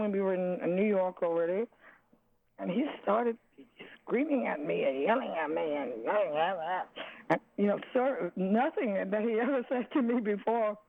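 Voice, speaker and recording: An older woman, a jazz singer, reminiscing in an interview, halting and searching for words with many restarts. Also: medium pitch. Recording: tinny phone line.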